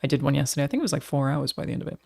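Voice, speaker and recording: Australian woman streamer with a creaky, gravelly voice; chatty and swears freely. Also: low voice, lively intonation, racing, darkish tone. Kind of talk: casual chat to a live stream audience.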